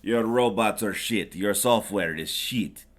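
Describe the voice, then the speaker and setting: Gruff Russian villain with a mock accent, sneering and blunt, put on by a man. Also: on the low side, a little slow. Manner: blunt, dismissive insults.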